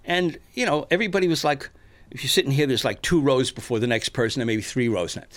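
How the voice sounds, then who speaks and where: An older man casually telling animated stories, acting out the voices of the people in them. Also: mid-range voice, fast talker. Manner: animated, acts out shouted quotes. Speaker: storyteller guest. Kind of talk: casual storytelling chat.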